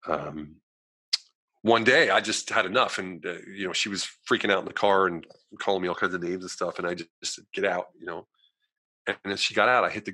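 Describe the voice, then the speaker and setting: A man, a guest in a conversation, telling a personal story in an animated way, acting out the voices of people he quotes and using lots of "you know" fillers. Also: sits low, no echo.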